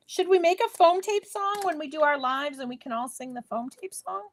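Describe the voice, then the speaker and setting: A woman's voice: sits high, lively intonation, fairly quick. A woman hosting a live crafting tutorial from her home craft space, chatting playfully with viewers as she works. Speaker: craft demo host.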